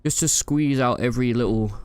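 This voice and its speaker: A man's voice: mid-range voice, a little fast, a little mellow, clear, resonant tone, no room sound. A young man giving casual, playful gameplay commentary, joking and trash-talking the enemies he fights. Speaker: gaming YouTuber.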